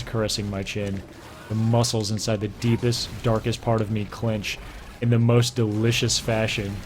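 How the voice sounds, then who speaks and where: A young man giving a theatrical, hushed and breathy reading of a romance novel over gameplay, often breaking into laughter. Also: fairly low pitch, a little hiss or hum. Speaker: gaming streamer.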